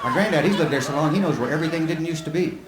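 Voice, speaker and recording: A man's voice: fairly high pitch, very fast, echoey room, a loud crowd, very noisy. A man from Lubbock doing a live stand-up set, folksy and rambling as he tells stories. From Lubbock, Texas. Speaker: stand-up comic. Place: comedy club stage. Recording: live club with loud laughing audience.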